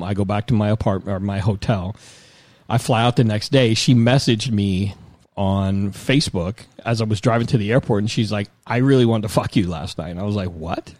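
A low-pitched man in his forties recounts a long, self-mocking story in casual conversation, full of quick asides. The sound is close and dry, with no room around it. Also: darkish tone, dry recording. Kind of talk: casual chat, comic storytelling.

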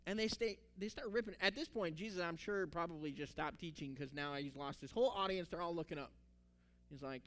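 A male pastor delivers a sermon in a fairly high voice. He tells the story with animation, slipping into the characters' lines as he goes, and reads out scripture along the way. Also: a little fast, fairly bright tone.

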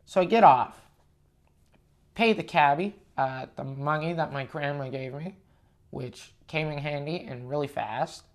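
A man's voice: fairly high pitch, measured pace. A young man from Canada hosting a podcast, telling a story in a casual, profane, ranting and self-mocking way. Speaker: podcast host.

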